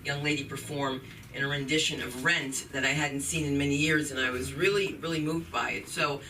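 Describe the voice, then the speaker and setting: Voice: medium pitch, fairly even intonation, brisk, crowd noise. A host emceeing a comedy open mic night in an effusive, playful way. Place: comedy club stage. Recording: distant, noisy club recording.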